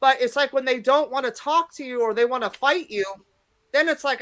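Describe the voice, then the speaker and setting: Woman stand-up in her 50s, bright forceful voice, brash and foul-mouthed, acts out her stories. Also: sits high, fairly quick. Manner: brash, profane, acts out quotes loudly. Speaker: stand-up comedian, guest. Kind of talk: casual interview storytelling.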